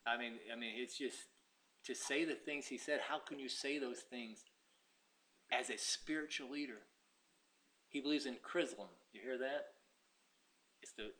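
A man preaching a sermon, dropping to quiet asides and rising to loud, impassioned passages, acting out pleading voices in dialogue. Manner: swings from low asides to loud shouted preaching.

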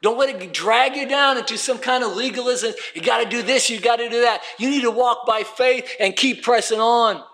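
Guy preaching, super high sharp voice, reads verses then pushes hard on the points. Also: moderate pace, hardly any pauses. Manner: reads scripture aloud, rising to emphatic calls. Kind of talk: sermon.

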